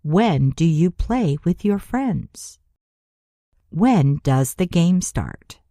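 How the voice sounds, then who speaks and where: A woman delivers a scripted grammar lesson as a teacher, each word placed with great slowness and letters spelled out one by one. Her voice sits low yet rises and falls in a lively way. The sound is mellow and dry, close to the mic. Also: dry recording. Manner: slow, deliberate, spelling out letters for learners. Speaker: English teacher.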